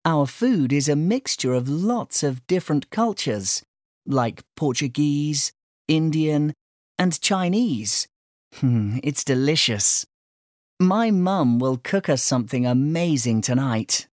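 A woman voicing an eager young island girl, raised in pitch, lively and animated, in a slow storybook reading. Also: dry recording, studio quality. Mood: cheerful.

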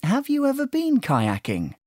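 A woman voicing an eager young island girl, raised in pitch, lively and animated, in a slow storybook reading. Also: no room sound, studio quality, exaggerated voice. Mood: cheerful.

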